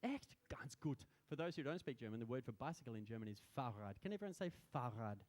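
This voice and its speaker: A man's voice: mid-range voice, expressive, quick pace, darkish tone. Playful man chatting on stage. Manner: playful, chatty, self-mocking. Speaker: musician performing live. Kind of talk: stage banter between songs. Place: small lounge music venue, indoors, live audience.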